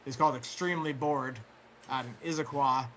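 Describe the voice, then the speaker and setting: A man telling a long story in casual chat, rambling with fillers and restarts, clearing his throat as his voice wears out. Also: medium pitch, steady tone, a little fast, fairly bright tone. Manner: rambling, full of fillers and restarts, swears freely. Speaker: guest storyteller.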